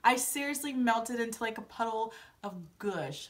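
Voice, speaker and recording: A woman's voice: a little high, normal speed, few pauses. A young woman casually recapping a reality TV episode, chatty and dramatic, acting out her own reactions. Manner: chatty, dramatic asides, playful quoted reactions. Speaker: recap vlogger.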